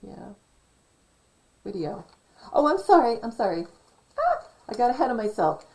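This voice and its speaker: A woman's voice: on the high side, big pitch swings, brisk, a little mellow, poor audio. A woman vlogger giving rambling commentary, reading from her notes and often stopping to correct herself. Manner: self-correcting, digressive, reads from notes. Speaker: conspiracy vlogger.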